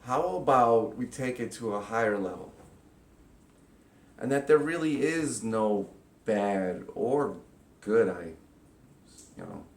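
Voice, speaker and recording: A man giving a casual spiritual teaching talk, animated and acting out inner voices with sudden loud, high bursts. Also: slow pace, long pauses. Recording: echoey room.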